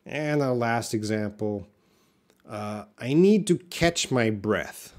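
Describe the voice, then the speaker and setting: A man's voice: mid-range voice, lively intonation, slow, a little mellow. A man teaching English in a live lesson, explaining words patiently and reading viewers' comments.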